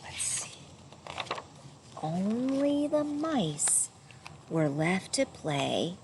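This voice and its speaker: A woman reads a children's story aloud at an unhurried pace, her voice rising and falling widely. She makes the animal sounds herself and stops to ask her young listeners questions. A faint noise sits behind her. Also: medium pitch. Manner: gentle and lively, doing animal sounds and asking listeners questions. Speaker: storyteller reading a picture book to children.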